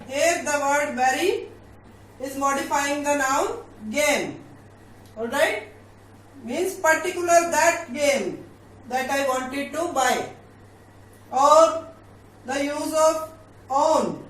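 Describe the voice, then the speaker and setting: A woman teaching grammar, speaking deliberately, repeating key points and often checking with "all right?". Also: high-pitched, fairly bright tone. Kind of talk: grammar lesson. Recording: echoey room from a distance, faint ambient noise.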